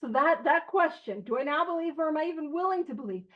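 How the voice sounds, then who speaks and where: A woman leading an online recovery study group, reading passages aloud and chatting through them with animated, jokey digressions. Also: sits high, quick pace. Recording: slightly muffled online stream audio.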